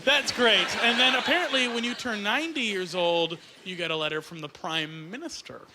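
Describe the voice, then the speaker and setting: Loud laughter and stage noise fill this recording of a Canadian comedian doing stand-up at a comedy club. Fast-talking and excitable, he breaks into high, squeaky bits as the crowd laughs along.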